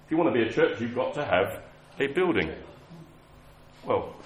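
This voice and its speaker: A man's voice: medium pitch, big pitch swings, normal speed. A man preaching a sermon, telling personal stories in a conversational, self-mocking way. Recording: echoey hall with faint ambience.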